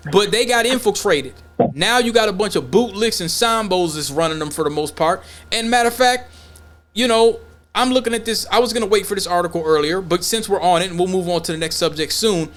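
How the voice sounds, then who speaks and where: Animated blunt man with a high voice. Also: fairly quick. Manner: animated, acts out imagined dialogues; blunt, profane. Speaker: podcast co-host. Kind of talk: casual opinion talk.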